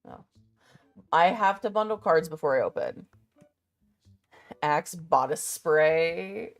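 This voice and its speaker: A woman's voice: deep voice, animated, takes it slowly, soft background music. A young woman in casual, rambling chat who swears freely and mutters to herself as she makes a list. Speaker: vlogger.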